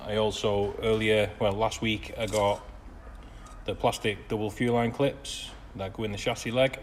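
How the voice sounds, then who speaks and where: A man's voice: fairly low pitch, a little hiss or hum. Dry, sarcastic man in a workshop. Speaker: classic car restorer. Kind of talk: workshop vlog narration.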